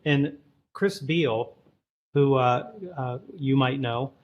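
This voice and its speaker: A man's voice: mid-range voice, slow, dull audio. A man speaking as a podcast guest, talking through sales advice in a direct, opinionated, plain-spoken way. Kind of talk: casual podcast conversation.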